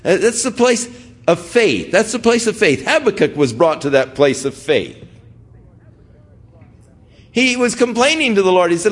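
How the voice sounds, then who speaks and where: A man's voice: high voice, big pitch swings, normal speed. An older man preaching a conversational sermon, acting out the voices of people praying as he quotes them. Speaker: pastor.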